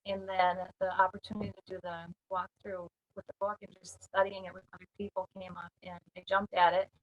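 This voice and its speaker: A woman's voice: medium pitch, low-quality recording. A woman from the Minneapolis area speaks in a mid-range voice. She gives an earnest, candid testimonial with a plain delivery. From Minneapolis area, United States. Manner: earnest, candid, with light laughs. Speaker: songwriting community member giving a testimonial. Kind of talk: spoken testimonial.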